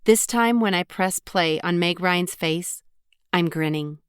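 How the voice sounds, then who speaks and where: A woman narrating a young adult audiobook in the first person, in an even, conversational storytelling manner. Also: on the low side, unhurried, clear, resonant tone, dry recording, studio quality.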